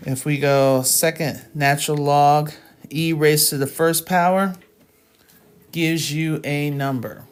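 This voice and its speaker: A woman's voice: low voice, slow. A woman tutoring math live in a casual, chatty way. She sounds tired and fills her talk with ums and small laughs. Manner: chatty and relaxed, with frequent fillers and laughs.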